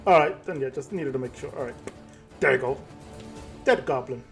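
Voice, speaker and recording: A man's voice: medium pitch, moderate pace, gravelly, soft background music. A man running a tabletop game as game master, narrating in a casual, joking way.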